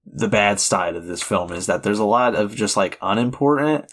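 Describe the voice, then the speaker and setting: Give me a man with a fairly low voice casually chatting through a film plot, full of restarts. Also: expressive, normal speed, fairly bright tone. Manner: rambling, many fillers and restarts. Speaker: podcast co-host.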